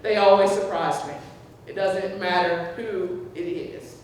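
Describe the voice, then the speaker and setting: Heavy echo and a faint hum surround a distant woman's voice, lowish and darkish in tone, fairly even and a little slow, at a memorial tribute in a big community gathering hall. She tells personal stories to the crowd, voicing the people she quotes and laughing often.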